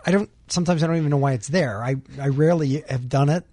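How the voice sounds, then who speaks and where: A man's voice: on the high side, quick pace, mellow, dry recording. Rambling man, dry studio sound. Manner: rambling, searching for words with ums. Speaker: state senator guest. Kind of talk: casual studio chat.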